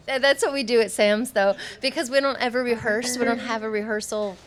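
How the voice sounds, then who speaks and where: A woman's voice: fairly high pitch, moderate pace. A woman singer-songwriter chatting between songs at a small club show, rambling and joking and laughing often. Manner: jokey, laughing often, self-deprecating. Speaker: singer-songwriter performing live. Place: small music club stage. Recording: live club sound with guitar under speech.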